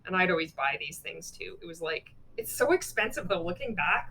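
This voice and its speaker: A woman's voice: fairly low pitch, expressive, brisk, vocal fry, sharp tone, a little hiss or hum. A young adult woman vlogging in casual chat, candid and blunt, swearing freely and laughing at herself. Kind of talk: casual chat walking through examples.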